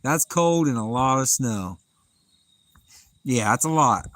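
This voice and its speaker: This Southern-accented man talks slowly at a medium pitch while running an outdoor night fishing stream. Easygoing and chatty, he laughs frequently as he reads comments from viewers, and the audio is dry and low in quality.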